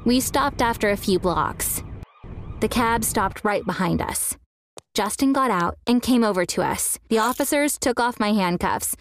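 A woman's voice: on the high side, expressive, measured pace, slight background noise. A young woman reading a scripted first-person story in an earnest way, now and then acting out the quoted lines.

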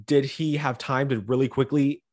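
A man's voice: mid-range voice, normal speed, dry recording. A man co-hosting a podcast, teasing and arguing in a casual chat over a video call. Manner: teasing, animated, argumentative. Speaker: podcast co-host.

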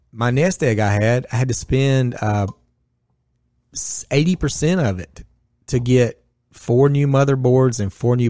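Man, plain mid-pitched voice, blunt and profane podcast guest telling a story, dry close recording. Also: no room sound. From Northwest Georgia, US. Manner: blunt and profane, with lively acted-out quotes. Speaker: podcast guest, gym owner. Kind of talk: casual storytelling chat.

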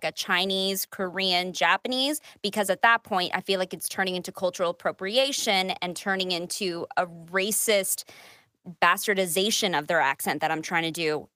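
A woman's voice: medium pitch, pushed and bright, no echo. A woman voice actress talks casually on a podcast, with lots of "um" and "like" as she acts out her own thoughts. The recording is dry and close, with no room sound. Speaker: voice actress guest.

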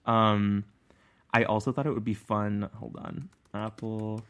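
Chatty man hosting a podcast, low voice. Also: fairly even intonation, unhurried, a bit bright. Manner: chatty, fillers, laughs easily. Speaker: podcast host and narrator. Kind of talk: casual podcast chat.

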